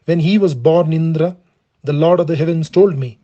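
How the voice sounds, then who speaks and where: Male reader voicing a proud, wronged young woman, kept plain and earnest; slightly high, soft-toned. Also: normal speed, close to an everyday voice. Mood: scornful. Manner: steady earnest reading in the performer's own voice. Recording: dull lo-fi recording.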